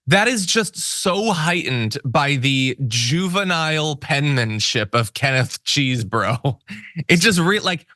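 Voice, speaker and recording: A man's voice: a little high, pushed and bright, no room sound, clean studio sound. A man hosting a political news show, talking in a wry, sarcastic way and reading out viewer comments.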